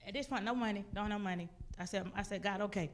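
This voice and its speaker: A woman giving a testimony sermon in a church, telling her story with animated delivery and acting out her own outbursts. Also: medium pitch, fast talker. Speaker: guest speaker. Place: church sanctuary.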